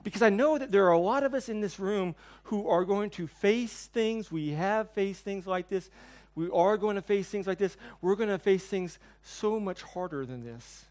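High-voiced male pastor, earnest storyteller, sermon delivery with quiet emphatic dips. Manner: earnest personal storytelling, drops to near-whispers on key lines. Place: church hall before a congregation.

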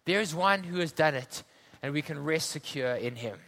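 Bright high-voiced preacher. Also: male voice, expressive, moderate pace. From South Africa. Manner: earnest storytelling with conversational asides. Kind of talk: sermon.

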